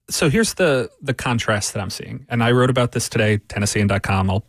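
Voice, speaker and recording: A man talking football on sports radio as a writer, laying out his argument with repeated phrases and quick asides. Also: mid-range voice, vocal fry, fairly bright tone, no echo.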